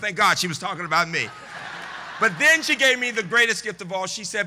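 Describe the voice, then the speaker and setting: A man in his sixties giving a commencement keynote, rhythmic and preacher-like, rising to shouted refrains. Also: high-pitched, lively intonation, fast, long reverb tail. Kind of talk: commencement address. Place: large tent outdoors.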